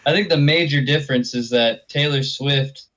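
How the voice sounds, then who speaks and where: A man co-hosting a casual sports chat, relaxed and chatty. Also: mid-range voice, normal speed, low-quality recording. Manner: relaxed, chatty, says "you know". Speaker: podcast co-host.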